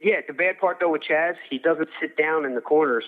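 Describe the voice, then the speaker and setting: Through a phone-like line drenched in long reverb comes a fairly high, slightly fast voice: a middle-aged Philadelphia cutman telling boxing stories. He wanders, keeps starting over, and performs the quotes as he goes in this relaxed interview.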